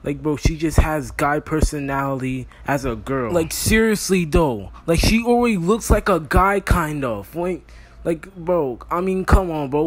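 A young man doing a brash, exasperated comedy roast over a phone mic, swearing constantly and calling everyone "bro". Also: on the high side. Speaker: roast video creator. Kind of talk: profane comedic roast commentary.

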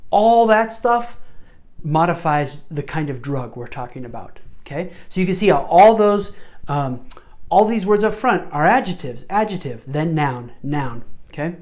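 Low-voiced woman teaching medical Spanish. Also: animated, unhurried, darkish tone. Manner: mixes Spanish words into English, frequent "okay?" check-ins. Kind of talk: explaining medical Spanish word order.

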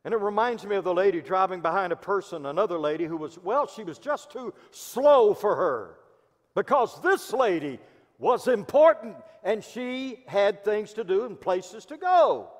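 A man with a Midwestern American accent, a pastor preaching a sermon in church and telling stories, swinging between loud emphasis and hushed asides. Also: high-pitched. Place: church sanctuary. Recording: long hall reverb.

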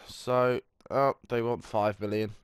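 Unusually for casual gameplay chat, this young creator takes it slowly, his mid-range voice level and smooth with no room sound. He talks through a football management game, teasing himself and doing mock match commentary.

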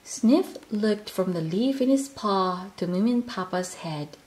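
Slow, gentle woman reading a children's story. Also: medium pitch, lively intonation. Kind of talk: children's picture book read-aloud.

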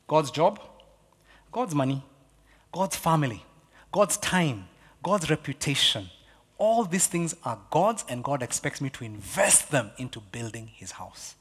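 Man preaching in a reverberant hall. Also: on the high side. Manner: swings from hushed asides to loud exhortation. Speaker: pastor. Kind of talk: sermon. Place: church auditorium. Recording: long reverb of a church hall.

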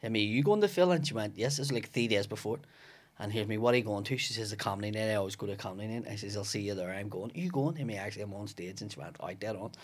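A man's voice: fairly low pitch, racing. A man with a Belfast accent, a comedian guest in a podcast studio, telling stories with lots of swearing and acting out each character's lines. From West Belfast, Northern Ireland. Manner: swearing, animated storyteller acting out dialogue. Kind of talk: casual podcast chat.

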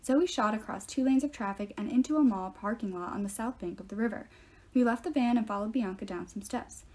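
Mellow woman reading a novel aloud. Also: medium pitch, fairly quick. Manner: steady first-person storytelling. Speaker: reader.

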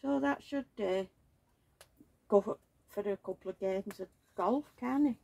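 Woman vlogger, gravelly and husky, baby-talk cooing with chatty asides. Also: mid-range voice, unhurried, mellow. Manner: coos and baby-talks, chatty gossiping asides. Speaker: reborn doll vlogger. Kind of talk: casual chat while dressing a doll.

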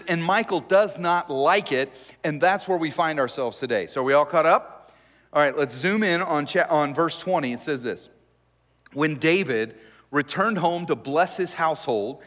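Joking pastor preaching in a reverberant church. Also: male voice, fairly high pitch. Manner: joking, animated storytelling. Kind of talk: conversational sermon. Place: church sanctuary.

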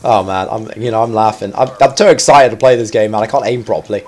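A man's voice: on the low side, fast, a little mellow. A man giving live commentary over his own gameplay. He chats in a self-mocking way, then yelps and squeals at sudden moments. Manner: chatty and self-mocking between fights.

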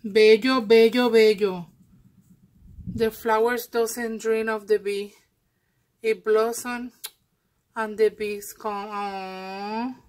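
Woman craft vlogger, slightly high voice, slow and gushing, halting restarts, casual unboxing. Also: little pitch movement, low-quality recording. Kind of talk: casual happy-mail unboxing.

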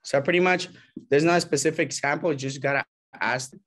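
A man's voice: a little high, brisk. A man, a working realtor, coaching other agents in a loose, chatty way, acting out what clients and agents say and often checking in with "right?" and "you know?". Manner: animated, acts out client and agent quotes. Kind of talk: casual coaching talk to a small group.

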